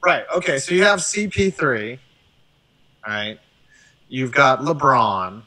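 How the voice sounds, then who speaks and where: A man hosting a casual sports chat, talking in an animated, profane way and often tossing in "right?". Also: medium pitch, takes it slowly, poor audio. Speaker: show host.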